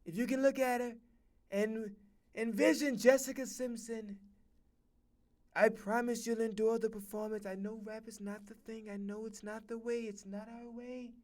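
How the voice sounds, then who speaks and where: A man voicing a male event host who pleads with a crowd to be quiet and introduces a performer in a mock-formal way. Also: sits high, little pitch movement, moderate pace, close to an everyday voice. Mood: mock solemn.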